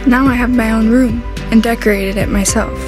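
A woman's voice: fairly high pitch, fairly even intonation, brisk, music in the background. A woman speaking a scripted testimonial in a charity ad, sincere and wistful.

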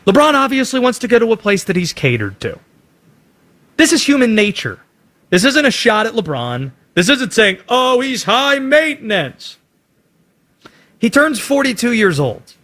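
A man's voice: high-pitched, wildly swooping pitch, normal speed, fairly bright tone. A man giving an emphatic sports opinion monologue, punchy and full of rhetorical questions. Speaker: sports commentator.

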